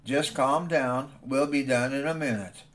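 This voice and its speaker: A man voicing a patient father speaking in a low, quiet, soothing way. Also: measured pace, close to an everyday voice. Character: patient dad calming himself, low and quiet.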